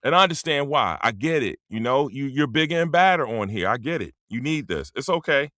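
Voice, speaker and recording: A man's voice: mid-range voice, lively intonation, brisk, pushed and bright, no echo, studio quality. A man around fifty, talking bluntly and profanely in a rambling casual monologue as a streamer, full of slang. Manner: drops into dialect slang.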